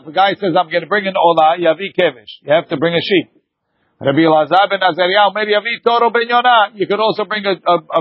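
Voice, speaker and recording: A man teaching a lively Talmud class, arguing points back and forth with his students. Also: high voice, no echo, highs cut off.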